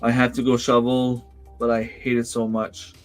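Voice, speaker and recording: A man with a mid-range, monotone voice talks at a moderate pace in a dry recording with soft background music. Hosting a casual livestream from home on a desk microphone, he reads and answers viewer comments in a rambling way, with lots of fillers and restarts.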